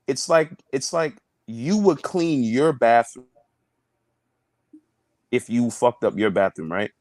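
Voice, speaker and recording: This young man, a comedian and new dad, talks slowly with a darkish tone, and there's no echo on the recording. Taking part in a relaxed panel chat, he's blunt and crude, and he parodies other people in a squeaky, mocking voice.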